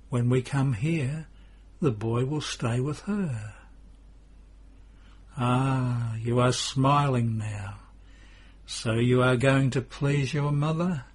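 A man voicing a gentle, loving middle-aged mother who speaks tenderly and pleads. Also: mid-range voice, husky.

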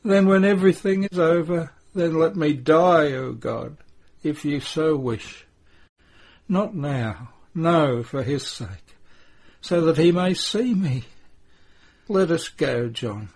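A grieving mother, read by a man, speaks in breathless, pleading bursts that climb high and loud. The voice is husky and carries a devotional story. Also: lively intonation, takes it slowly, long pauses, full character voice. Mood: anguished. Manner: pleading, breathless, rising to cries. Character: grieving old mother, gentle but anguished.

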